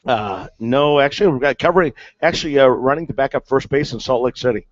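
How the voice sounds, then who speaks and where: Talking fast in a medium-pitched voice, the ex-big-league catcher tells a casual story as a guest, stumbling through fillers and restarts. There's no room sound, and the audio is dull, dry and lo-fi.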